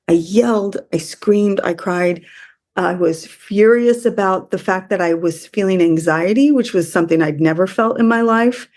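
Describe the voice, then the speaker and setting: A woman from the US speaking as a podcast guest, emotional and halting, often restarting her sentences. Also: on the low side, darkish tone. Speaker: interview guest. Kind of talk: conversational interview.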